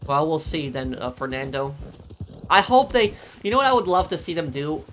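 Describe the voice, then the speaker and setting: Halting, rambling male streamer. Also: fairly high pitch, fairly bright tone, slight background noise. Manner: rambling, halting with many fillers. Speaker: gaming streamer. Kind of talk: live stream chat with viewers.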